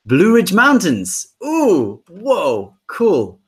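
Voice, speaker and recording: A man's voice: high-pitched, huge pitch swings, extremely slow, slightly rough. A man hosting a casual musician's livestream, chatting in a rambling way and reading out viewer comments. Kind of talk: casual live-stream chat.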